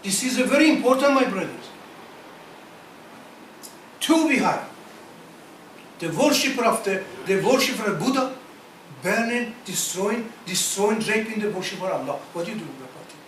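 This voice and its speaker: The speaker, a man with a high voice, rouses a gathering of Islamic scholars in a community centre meeting hall, his non-native English broken and his lines repeated, punctuated by rhetorical questions and swift Arabic Quranic verses. He comes across animated and a bit bright. The voice is distant and roomy with echo, and there is slight background noise.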